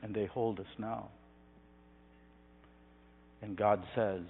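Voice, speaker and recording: A man preaching a sermon, building from quiet, hushed phrases to loud, swelling passages. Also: lowish voice, little pitch movement, slow, long pauses. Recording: tinny phone-like sound in a reverberant hall with hum.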